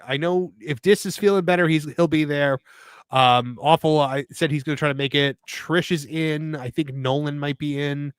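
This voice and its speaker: A man's voice: mid-range voice, no room sound, studio quality. A man hosting a casual wrestling talk show, reading out viewer messages with jokes and laughter, his throat sore. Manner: laughing, joking, mock-reading in voices. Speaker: podcast host.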